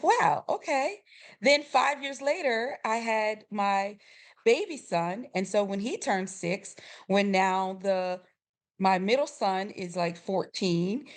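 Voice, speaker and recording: A middle-aged woman guest on a podcast, telling a family story with lively quoted voices and frequent laughter. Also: mid-range voice. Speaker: podcast guest, grief coach. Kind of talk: storytelling in a conversational interview.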